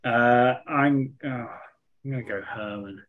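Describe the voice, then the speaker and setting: A podcast co-host, recorded at home, speaks slowly in a medium-pitched voice with phone-quality audio and a little hiss or hum. He quizzes his friend in casual banter, laughing often as he thinks out loud.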